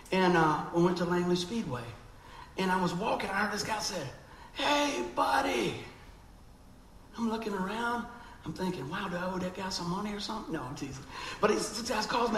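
A man's voice: sits high, echoey room, a little hiss or hum, low-quality recording. A man preaching a sermon, telling a story animatedly and acting out the voices of people in it.

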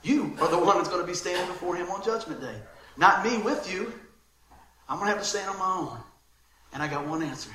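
High, bright-voiced preaching man. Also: fairly quick, slight background noise. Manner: lively, laughing, acts out quotes. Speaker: pastor. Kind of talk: sermon. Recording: roomy echoing hall sound.

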